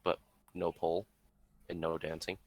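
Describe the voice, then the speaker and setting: A man's voice: low-pitched, flat delivery, normal speed, darkish tone, slight background noise. A man on a casual game dev stream, playfully teasing the others.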